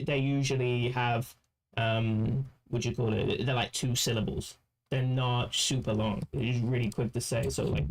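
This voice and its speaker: A man giving casual commentary as a streamer, rambling and halting with many restarts. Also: mid-range voice, vocal fry. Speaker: streamer reacting to clips.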